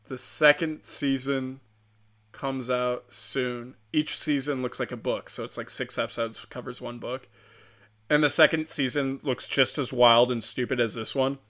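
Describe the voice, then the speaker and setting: Young male podcast host, loose and profane monologue, average pitch, bright and pushy tone. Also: steady tone, measured pace. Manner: casual, profane, many filler likes. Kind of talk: rambling solo podcast monologue.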